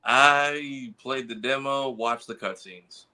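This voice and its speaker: A man's voice: medium pitch, takes it slowly, pushed and bright, rough recording. A man co-hosting a podcast, asking short, hesitant follow-up questions in casual chat. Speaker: podcast co-host.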